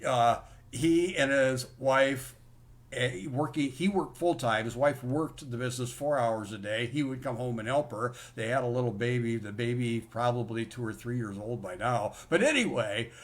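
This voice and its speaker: Guy pitching an online course live, upbeat and chatty, mid-pitched voice. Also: normal speed. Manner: enthusiastic, conversational, repeats "in other words". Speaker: course presenter. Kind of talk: live sales-course presentation.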